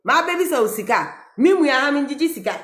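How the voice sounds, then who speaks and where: A woman's voice: sits high, sing-song, fast, fairly bright tone, roomy sound. A woman with a Ghanaian accent, ranting mockingly in a casual reaction video and reading a letter aloud. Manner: mocking, switching between English and Twi, reading a letter aloud. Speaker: social media commentator.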